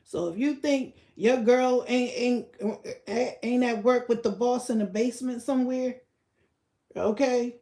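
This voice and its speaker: A woman's voice: a little high, unhurried, mellow, echoey room. A woman hosting a casual livestream rant in a blunt, profane way, talking straight to her chat viewers. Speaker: livestream host.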